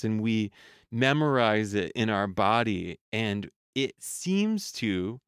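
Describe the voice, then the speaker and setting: A man giving a reflective motivational talk as a voice coach, slow and measured with repeated phrases that trail off softly. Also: on the low side, smooth, no room sound, studio quality.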